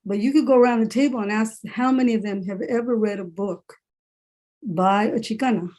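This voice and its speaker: A woman's voice: fairly high pitch, fairly quick, mellow. A woman who is a writer and English professor, talking candidly in a panel discussion over a video call and repeating phrases for emphasis.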